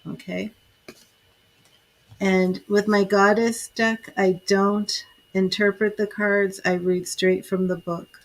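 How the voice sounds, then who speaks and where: A woman giving a live tarot reading, slowly invoking goddesses and reading card meanings aloud in a soothing way. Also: medium pitch, flat delivery. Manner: slow, soothing, invoking spirits. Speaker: tarot reader.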